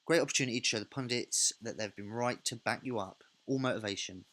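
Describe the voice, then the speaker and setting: A man's voice: mid-range voice, fast talker, fairly bright tone. A man hosting a let's play, thinking aloud in a casual, self-correcting way while he narrates a football management game.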